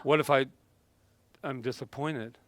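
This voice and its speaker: Here a man gives a lively motivational talk using props, playful and often laughing, with sudden exclamations. His pitch is medium, his delivery unhurried, and there's no room sound.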